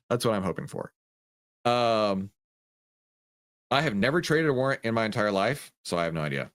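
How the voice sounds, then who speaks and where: Animated man coaching traders live. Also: fairly low pitch, moderate pace, pauses often. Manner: animated, coaching, answers chat questions. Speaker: trading livestream host. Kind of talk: livestream Q&A with chat.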